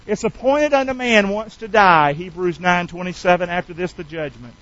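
A man's voice: high voice, brisk, hardly any pauses, a bit bright, no room sound, lo-fi sound. A man preaching a sermon as pastor, leading call-and-response and mixing folksy slang with quoted scripture. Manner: call-and-response preaching, asks the church to repeat lines; folksy, drops into casual slang between scripture.

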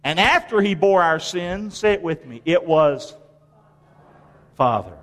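A man's voice: high-pitched, moderate pace, a bit bright, long reverb tail. A man preaching a sermon in a folksy way, calling on the congregation to answer and repeat after him. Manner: folksy preaching with call-and-response. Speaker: pastor. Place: church sanctuary.

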